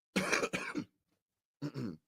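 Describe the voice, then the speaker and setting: A man hosting a casual live stream who talks to his chat in slang, repeats himself, and swings from low mutters to frustrated shouting. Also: very slow.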